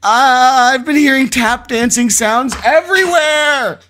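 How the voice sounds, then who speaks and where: A man voicing a panicked male prank caller in a strained, high falsetto. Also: measured pace, pushed and bright, a little hiss or hum, full character voice. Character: frantic squeaky-voiced male prank caller.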